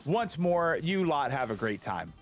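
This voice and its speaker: A man's voice: fairly high pitch, measured pace, faint music behind. A man hosting a casual charity livestream, chatting with friends and reading out donations. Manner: animated, reads out donations. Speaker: charity stream host.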